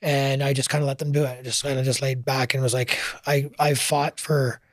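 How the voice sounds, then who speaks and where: A man's voice: medium pitch, little pitch movement, a little fast, dry recording, clean studio sound. A man telling his story in a casual interview, earnest and emotional, at times choking up. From Canada. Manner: earnest, emotional, gets choked up. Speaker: firefighter guest.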